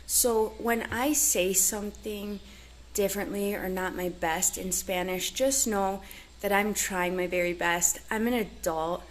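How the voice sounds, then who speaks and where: A woman's voice: medium pitch, steady tone, a little slow. A woman vlogging casually on her ranch, talking earnestly and chattily with lots of fillers. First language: English. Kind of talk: casual chat to camera. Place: ranch in Mexico.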